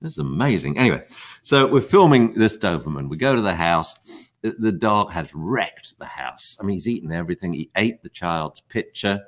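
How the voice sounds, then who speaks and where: An older man teaching dog training in a live class, excitable and jumping into character voices for dogs and owners. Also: deep voice, normal speed. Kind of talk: animated live web class talk.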